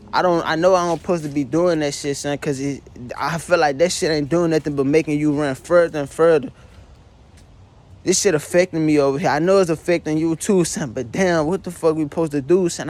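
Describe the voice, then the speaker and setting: High-voiced young guy, crying and venting in his bedroom, keeps saying son. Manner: distraught, addresses listener as "son" constantly, profane, repetitive. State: tearful. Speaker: vlogger. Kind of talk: emotional confessional monologue.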